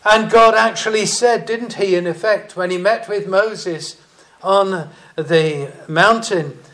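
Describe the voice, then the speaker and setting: Man, preacher, sermon, high-pitched, unhurried, emphatic. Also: a bit bright. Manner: slow, deliberate preaching with emphatic rises.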